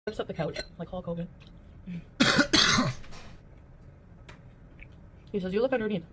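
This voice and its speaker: A woman's voice: medium pitch, unhurried, heavy background noise. Woman vlogger chatting while she eats. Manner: talks while eating, chatty storytelling. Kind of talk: casual vlog narration.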